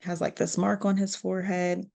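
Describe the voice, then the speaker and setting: A woman co-hosting a podcast, retelling a movie's scenes in a casual, animated way, full of "like" and acted-out quotes. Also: fairly low pitch, moderate pace, gravelly. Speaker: podcast co-host. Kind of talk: casual movie recap chat.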